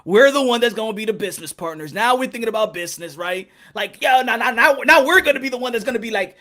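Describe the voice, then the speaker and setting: A man's voice: high voice, fast, hardly any pauses, bright, forceful tone. A man hosting a boxing commentary channel, ranting his opinion and repeating his points, dragging words out for emphasis. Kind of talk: opinion rant to camera.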